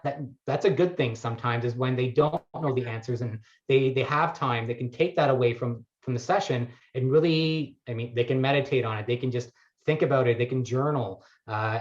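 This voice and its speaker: A man working as a wellness coach, talking thoughtfully in an interview and searching for his words as he goes. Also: medium pitch. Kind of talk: conversational interview. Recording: muffled lo-fi audio.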